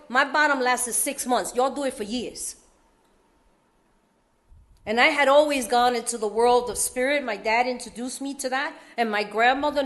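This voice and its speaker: A woman from California sharing her recovery story at a meeting, in streetwise slang, joking and laughing often. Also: high voice.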